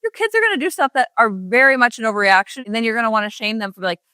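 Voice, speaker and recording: A woman's voice: a little high, animated, very fast, sharp tone, no echo. A middle-aged woman hosting a parenting podcast, talking in a chatty, rambling way with sarcastic asides. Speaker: parenting coach and podcast host. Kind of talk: casual podcast monologue.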